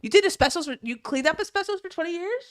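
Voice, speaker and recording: A woman's voice: very high-pitched, lively intonation, fast talker, no echo, studio quality. A young woman from New Jersey chatting casually on a live stream, swearing freely and reacting to chat. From New Jersey, USA. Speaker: streamer reading the news.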